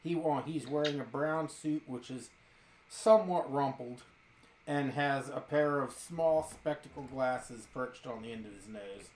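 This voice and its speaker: A man running a tabletop role-playing game as game master, narrating scenes in a slow, deliberate way. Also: mid-range voice, a little mellow. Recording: roomy echo with faint hiss.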